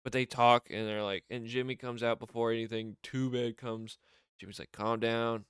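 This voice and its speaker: Bright-voiced casual man recapping. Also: medium pitch, steady tone, normal speed, smooth, dry recording, studio quality. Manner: rambling, acts out wrestlers' lines in raised voice. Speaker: wrestling show reviewer.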